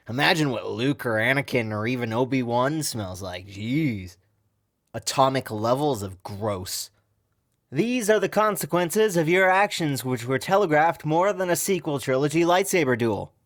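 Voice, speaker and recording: A man talks through a casual video review of a TV episode. His voice sits at an ordinary middle pitch. He sounds sarcastic and a bit fed up, complaining as he goes. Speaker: TV show reviewer.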